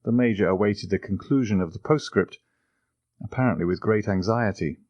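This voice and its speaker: A man narrating an audiobook in an even, steady storytelling manner. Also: lowish voice, moderate pace, dry recording, lo-fi sound. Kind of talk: scripted narration.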